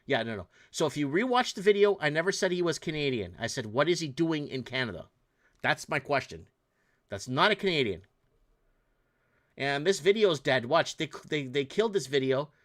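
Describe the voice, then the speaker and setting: A man's voice: on the high side, animated, normal speed, a bit bright. A man hosting his own podcast, giving casual, exasperated news commentary, rambling with frequent restarts and fillers. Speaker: podcast host.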